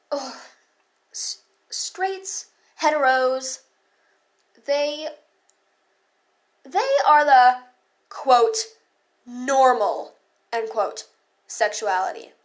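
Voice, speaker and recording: A teenage girl hosts her own podcast with a fairly high voice. She talks at an unhurried pace but in a heated, profane rant. Her sentences are full of fillers and side comments. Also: expressive. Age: teens. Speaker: podcast host. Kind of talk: casual ranting monologue.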